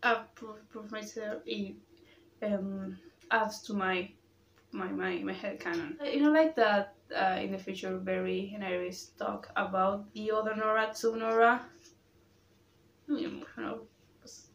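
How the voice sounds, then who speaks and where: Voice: mid-range voice, unhurried, pauses often, fairly bright tone, a little hiss or hum. Rambling vlogger, roomy sound. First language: Spanish. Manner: rambling, restarts a lot, gets worked up when ranting. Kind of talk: casual opinion chat.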